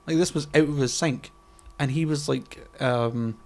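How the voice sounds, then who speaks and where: A man's voice: mid-range voice, a little slow. A man co-hosting a casual podcast chat, rambling with lots of fillers, restarts and casual swearing. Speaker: podcast co-host.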